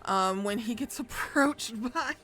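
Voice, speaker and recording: A woman's voice: a little high, takes it slowly, pushed and bright, faint music behind. A woman streamer casually recapping a story, chatty and rambling, swearing freely as she goes. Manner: profane, chatty, rambling with fillers.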